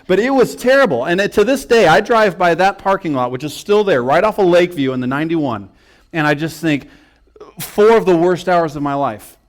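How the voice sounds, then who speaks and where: A man's voice: fairly high pitch, lively intonation, normal speed. A young man preaching in a church, telling a personal story with self-mocking humor and acted-out quotes. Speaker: pastor. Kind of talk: storytelling sermon. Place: church sanctuary.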